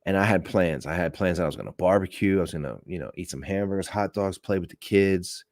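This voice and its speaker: A man's voice: low-pitched, quick pace, no echo, clean studio sound. A man hosting an open-mic podcast, telling a work story in a blunt, profane way and acting out what was said. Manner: blunt and profane, animated retelling with acted-out quotes. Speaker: podcast host. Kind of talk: unscripted storytelling rant.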